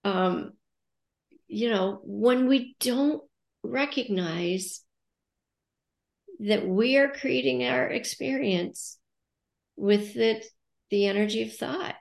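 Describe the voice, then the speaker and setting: A woman's voice: on the high side, takes it slowly, gravelly, pauses often, reverberant. A middle-aged American woman coaching and podcasting, speaking thoughtfully as she acts out her own inner dialogue. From United States. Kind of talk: reflective casual podcast talk.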